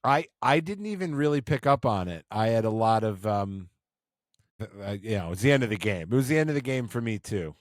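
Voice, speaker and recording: A man's voice: fairly low pitch, animated, a little fast, no echo. Male co-host, dry teasing sports banter, close dry mic. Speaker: podcast co-host. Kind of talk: casual sports chat.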